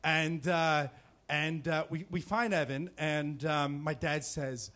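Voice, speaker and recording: A man's voice: fairly high pitch, steady tone, takes it slowly, bright, forceful tone. A man in his thirties from New Jersey telling a personal story live on stage, casual and rambling, with lots of fillers and restarts. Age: 30s. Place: stage before a live audience.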